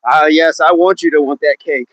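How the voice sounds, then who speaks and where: A man's voice: fairly high pitch, steady tone, moderate pace, fairly bright tone, no echo, lo-fi sound. A man hosting a live outdoor workout on a hill, exercising as he talks, counting down reps and greeting chat viewers by name. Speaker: fitness livestream host.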